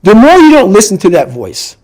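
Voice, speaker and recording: A middle-aged man giving an intense motivational talk as a podcast guest, forceful and repetitive in his emphasis. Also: high voice, wildly swooping pitch, a little fast.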